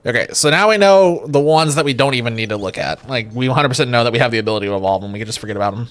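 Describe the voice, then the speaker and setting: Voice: lively intonation, very fast. A young adult streamer giving jokey live commentary while playing a game, swearing casually and humming nonsense now and then. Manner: puts on a squeaky high voice for gags.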